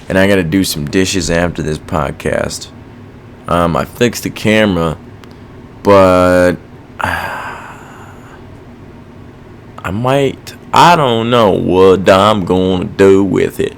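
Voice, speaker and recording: A young man hosting a solo podcast, rambling casually and swearing a lot while thinking out loud. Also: low voice, animated, takes it slowly, creaky, slight background noise. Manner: rambling, profane, self-reflective. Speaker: podcast host.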